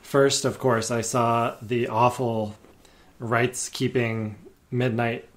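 A man's voice: mid-range voice, level tone, slow pace. A man talking as a podcast guest in casual chat, eager and rambling, with many fillers and restarts. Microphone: podcast microphone.

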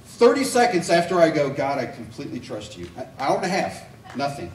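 A man preaching a sermon as an evangelist, telling stories with lively acted-out quotes. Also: a little high, fairly quick, reverberant, distant mic, a little hiss or hum, low-quality recording. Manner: animated storytelling with acted-out quotes. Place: church sanctuary.

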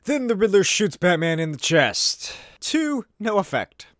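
A male host narrating a comic-book recap with a sarcastic, irreverent edge. His voice is a bit high for a man and bounces around animatedly. The sound is close and dry. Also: very animated, a little slow, a bit bright, no echo. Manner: sarcastic, swearing, laughs at the pictures. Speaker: video host.

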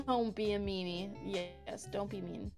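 A woman's voice: mid-range voice, fairly even intonation, measured pace, darkish tone, faint music behind. A woman joining a friend's game stream, chatting casually and teasing. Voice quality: creaky. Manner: teasing and joking. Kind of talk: casual gaming chat.

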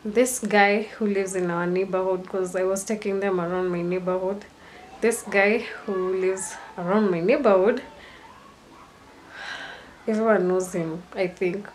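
A woman's voice: medium pitch, fairly even intonation, measured pace, a little hiss or hum. A young woman, chatting casually in a rambling storytime vlog. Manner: chatty and rambling, mixing in Swahili slang. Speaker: vlogger.

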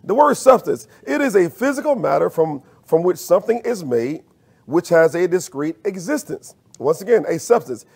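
A man's voice: sits high, big pitch swings, moderate pace, creaky, darkish tone, slightly rough. A man preaching a sermon as minister, using call-and-response and rising to emphatic peaks.

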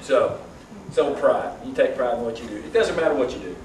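A man giving a lively, joking motivational talk to an audience and leading them through an exercise. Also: mid-range voice, brisk, very noisy. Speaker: motivational speaker. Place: large hall with audience. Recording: echoey hall from far off.

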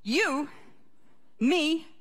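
A woman's voice: high-pitched, lively intonation, extremely slow, a bit bright. A woman pastor giving a conversational sermon, often asking the congregation questions. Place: church service.

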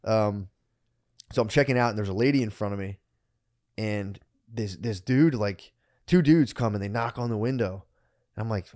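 A man in his thirties, a podcast co-host telling a story in casual chat, profane and animated, acting out the people he quotes. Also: lowish voice, moderate pace, long pauses.

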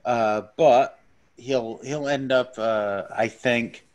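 A man's voice: mid-range voice, fairly even intonation, slow pace. A man, a stand-up comedian, chatting as a guest on a podcast in a blunt, rambling, profane way. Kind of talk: casual podcast chat.

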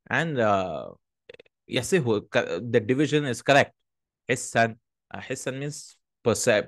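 A man teaching Arabic grammar in English, reading the Arabic text quickly and often checking in with a questioning "hmm?". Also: mid-range voice, dry recording, clean studio sound.

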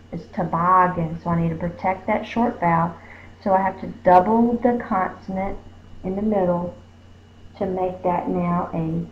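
A woman teaching spelling, sounding out words slowly and stretching each syllable. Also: lowish voice. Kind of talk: slow phonics lesson. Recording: roomy dull recording with faint hum.

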